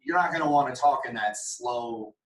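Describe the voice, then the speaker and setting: A man's voice: medium pitch, normal speed. Man coaching sales calls in an echoey room. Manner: coaching, acts out sample phone calls. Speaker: sales trainer. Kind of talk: casual sales meeting talk. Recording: echoey room, mic at a distance.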